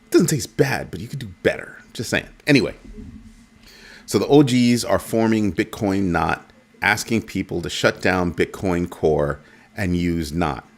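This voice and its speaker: A man hosting a casual crypto commentary show, animated and jokey, repeating his points. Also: deep voice, measured pace. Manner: animated, repetitive, jokey asides.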